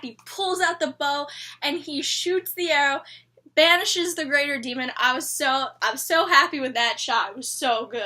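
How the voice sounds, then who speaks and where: A woman recapping a TV episode in a casual fan chat, opinionated and animated, with lots of "like". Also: very high-pitched. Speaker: TV episode reviewer.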